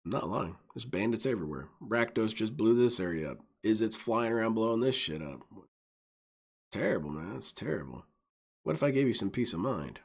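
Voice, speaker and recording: Shady ninja racketeer, male, low and coaxing, put on by a man mid-commentary. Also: big pitch swings, brisk, breathy edge, full character voice.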